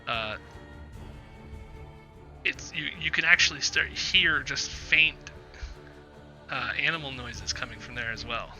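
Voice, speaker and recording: A man's voice: mid-range voice, a little slow, long pauses, pushed and bright, faint music behind. A man narrating as game master in a tabletop game, describing scenes with frequent fillers and restarts.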